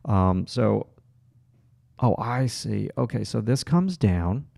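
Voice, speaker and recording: A low, gravelly man with a Long Island accent talks through a drawing demo. He thinks aloud as he works, breaking off into fillers and restarts. The sound is dry and close. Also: dark tone, no echo. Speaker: art instructor. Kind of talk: livestream drawing demonstration.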